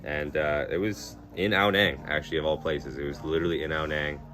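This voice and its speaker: A man's voice: extremely low pitch, fairly even intonation, fairly quick, pushed and bright. A man live-streaming, chatting casually with viewers in a rambling, laid-back way, swearing freely and laughing through his stories. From Canada. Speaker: livestreamer.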